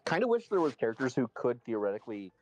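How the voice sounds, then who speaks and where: A man's voice: mid-range voice, big pitch swings, quick pace, a little mellow. A man hosting a casual gameplay chat, joking and playful as he plays. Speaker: gaming streamer.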